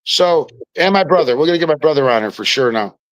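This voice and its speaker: A man, a podcast guest telling stories in casual chat, animated and often restarting his words. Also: a little high, quick pace, no echo, rough recording.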